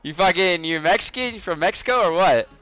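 A man's voice: high voice, lively intonation, a little fast, sharp tone, no room sound, soft background music. Joking, profane young male streamer. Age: 20s. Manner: joking, profane, laughs often. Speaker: game streamer. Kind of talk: casual livestream chat.

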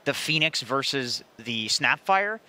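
A man's voice: medium pitch, animated, measured pace, sharp tone. A man analyzing esports picks on a live panel in a joking, rambling, self-deprecating way.

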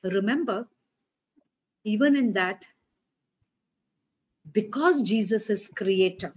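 A woman's voice: mid-range voice, slow, pauses often, husky. Woman preacher, chatty sermon, keeps asking the crowd stuff, medium voice. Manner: conversational, animated, asks listeners questions.

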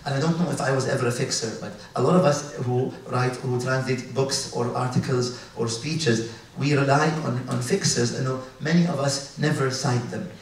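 A man's voice: medium pitch, steady tone. Man speaking in an echoey hall. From UAE. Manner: halting, many fillers and restarts. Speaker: conference speaker. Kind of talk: conference talk with slides. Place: large conference hall. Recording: echoey hall, distant mic, faint noise.

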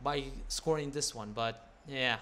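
A young man casually commentating a football video game, swearing a lot and getting loud at big moments. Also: mid-range voice, measured pace. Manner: excitable, swears constantly, shouts at big moments. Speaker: gaming commentator.

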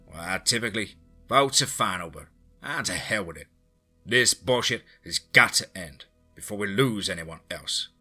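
A man voicing a gruff small-town male leader who gives slow, firm commands. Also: on the low side, animated, pushed and bright, faint music behind, heavily acted. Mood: blunt.

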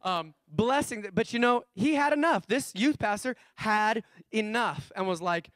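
Delivering a sermon as pastor, a high-voiced man tells stories with animated swings from soft asides to loud bursts of emphasis, slowly repeating the phrases that matter. There is no room sound, just clean studio audio.

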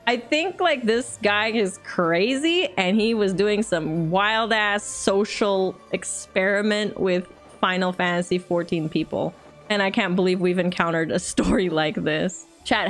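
A woman's voice: medium pitch, a little slow, faint music behind. A young woman streamer, reading a story aloud and then chatting casually and animatedly with her viewers. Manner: animated, giggly, chatty with chat.

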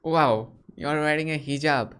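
A man's voice: fairly high pitch, normal speed, background noise. A man from India hosting casual video chats with strangers and asking lots of short, curious questions over a video call. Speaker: host.

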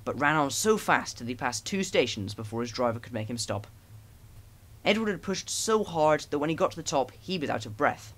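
A man narrating a children's storybook as an audiobook. He reads in a gentle, even storytelling manner, with a voice of ordinary middle pitch. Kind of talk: storybook reading.

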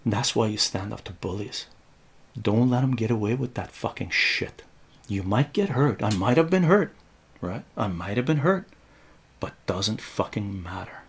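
A man, telling a story on a live stream in a casual, profane, animated way, often tagging his lines with "right?". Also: fairly low pitch, moderate pace. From Iran.

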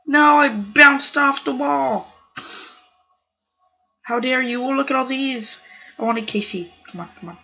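A bright, high voice commentates live gameplay at an unhurried pace, breaking into excited repeated cries and "oh my goodness" exclamations. The sound is dull and lo-fi, like a cheap home setup. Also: vocal fry. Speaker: gaming channel host.

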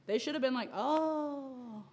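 A woman's voice: high voice, slow pace, a little mellow, slightly rough. Chatty woman teaching Bible class. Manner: chatty and playful, acts out biblical voices with laughs. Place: church classroom.

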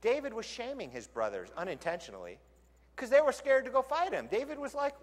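A male pastor preaching a sermon in a lively, conversational storytelling way, in a church sanctuary. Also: very high voice, fairly quick. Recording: long church hall reverb.

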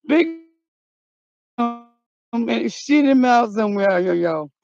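Gravelly woman, mock-scared vlog. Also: medium pitch, moderate pace, no room sound, muffled recording. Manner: dramatic, mock-scared, shouting out calls. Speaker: vlogger. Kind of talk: comic vlog skit. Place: outdoors in the cold.

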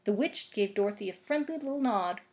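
A woman librarian reading a children's book aloud in a gentle, expressive storytelling manner. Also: mid-range voice, a little fast.

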